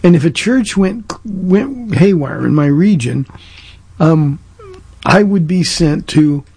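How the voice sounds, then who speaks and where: Pastor guy answering callers, warm husky voice, talks earnest with lots of restarts, dry close sound. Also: a little high, animated, takes it slowly, dry recording. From Southern California. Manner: earnest, conversational, frequent restarts and fillers. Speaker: pastor hosting a call-in radio show. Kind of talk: call-in Q&A talk.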